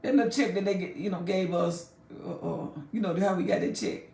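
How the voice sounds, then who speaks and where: A woman preaches through a Bible chapter, emphatic and folksy, addressing her listeners directly. Her voice is low-leaning and warm with vocal fry, delivered briskly, and the mic sits far off in an echoey room.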